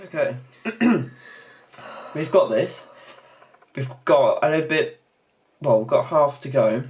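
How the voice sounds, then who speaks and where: A woman's voice: a bass voice, animated, slow pace, darkish tone, lo-fi sound. A young woman hosting a reaction video, chatting casually, giggly and swearing, breaking into shrieking laughs.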